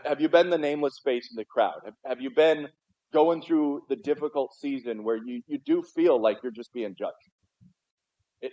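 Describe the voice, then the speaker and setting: A man's voice: fairly high pitch, a little mellow. A man preaching a sermon as pastor in a church, talking conversationally and often stumbling and repeating his words. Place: church sanctuary. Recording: dull, muffled livestream audio.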